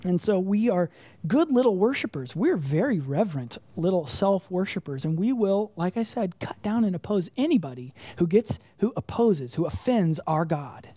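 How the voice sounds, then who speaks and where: Woman, sermon, mellow, dry close sound, rhetorical questions, emphatic repetition. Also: lowish voice, very animated, normal speed, no room sound. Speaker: preacher. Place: church congregation room.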